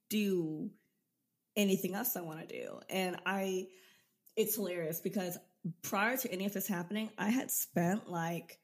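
A young woman in her twenties, a podcast guest and business coach, telling her own story in a lively way and laughing often. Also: medium pitch, unhurried. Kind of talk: casual storytelling interview.

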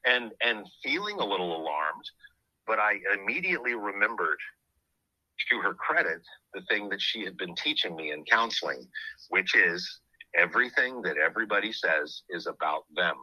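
A man with a low, husky voice and a sharp, bright edge tells an earnest personal story as a podcast host. The recording is dry and close. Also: lively intonation, moderate pace, dry recording, muffled recording. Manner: earnest, reflective.

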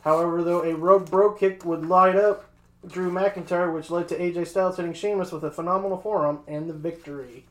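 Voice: mid-range voice, fairly even intonation, fairly quick, reverberant, low-quality recording. A podcast host reading match recaps from a script and then asking a co-host for his thoughts.

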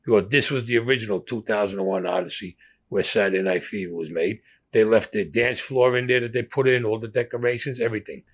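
A man's voice: on the low side, fast talker. A man recounting stories in a blunt, profane way, acting out the dialogue as he goes. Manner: blunt, profane storyteller who acts out dialogue. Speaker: former gangster telling his story.

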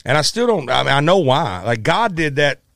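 A middle-aged man, a musician, telling a story in a casual, animated way, acting out quotes with many restarts. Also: fairly high pitch, brisk, vocal fry, no echo, clean studio sound.

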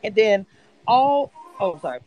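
A woman hosting a live chat about a reality show, blunt, profane and quick to laugh. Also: mid-range voice, big pitch swings, warm tone, lo-fi sound. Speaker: show commentary host.

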